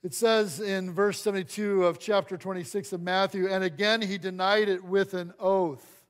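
A man's voice: high voice, little pitch movement, moderate pace. A man preaching a sermon as pastor, acting out the voices of the scripture scenes he reads. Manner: dramatic acting out of scripture dialogue.

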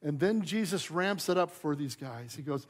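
A male pastor with a notably high-pitched voice preaches to his congregation. He is animated and conversational, and he acts out the people in the story and throws questions to the pews. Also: normal speed. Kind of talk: sermon.

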